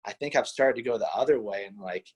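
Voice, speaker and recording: A man's voice: on the low side, quick pace, darkish tone, breathy edge. A young man from western Pennsylvania with a Pittsburgh accent blended with Midwest speech, chatting modestly as an interview guest with lots of "you know" and "like". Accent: Pittsburgh mixed with Midwest. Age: young adult. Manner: easygoing, modest, filler-heavy with many "you know" and "like". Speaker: college wrestler guest. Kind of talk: casual interview chat.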